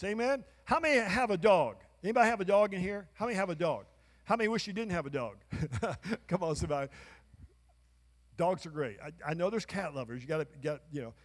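High-voiced man preaching in echoing church. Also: expressive, a little fast. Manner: emphatic preaching with call-and-response. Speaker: pastor. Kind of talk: sermon. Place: church sanctuary. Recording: long church hall reverb.

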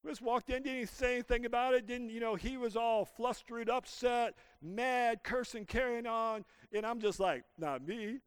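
A man's voice: extremely high pitch, steady tone, moderate pace, hardly any pauses, clean tone, no room sound. A man preaching a sermon as pastor, calling out to the congregation and asking them to repeat after him. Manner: preaching with call-and-response to the congregation. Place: church.

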